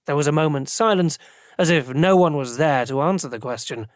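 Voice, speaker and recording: An audiobook narrator telling the story as a thoughtful male prelate, in measured, expressive narration. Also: a little high, dry recording, natural voice. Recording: dry close studio sound.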